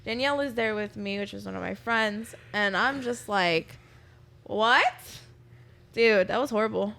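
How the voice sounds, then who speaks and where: A young bartender chats casually as a podcast guest, rambling through a story and acting out her own lines. Her medium-pitched voice is gravelly and a bit bright, at a moderate pace.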